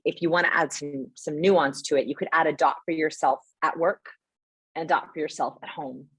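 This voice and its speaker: A young adult woman answering webinar questions as a guest expert, animated and explanatory, often checking in with "right?". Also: sits low, slightly rough, no echo. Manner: animated, explains with quick asides and rhetorical "right?". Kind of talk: live webinar Q&A.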